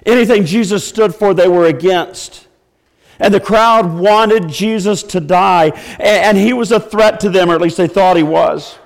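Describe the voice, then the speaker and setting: A man's voice: sits high, moderate pace, creaky, big-room sound. A man preaching a sermon as pastor, breaking into mock wailing when he acts out the crowd. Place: church.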